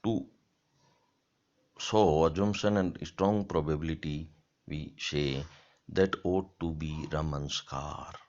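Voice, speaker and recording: A male college lecturer with a very low voice talks slowly through a grammar lesson. He speaks deliberately and repeats his example sentences. The recording sounds dull and lo-fi. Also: a little mellow. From India.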